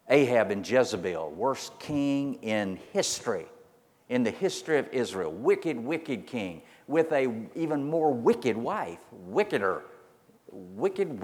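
Male preacher, emphatic storyteller, repeats for stress, mid pitch, long hall reverb. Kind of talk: sermon.

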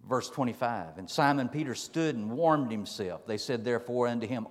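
Brief: male preacher, folksy and emphatic sermon, mid-pitched voice, echoey hall. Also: animated, moderate pace. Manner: folksy, emphatic, dramatic swings in loudness.

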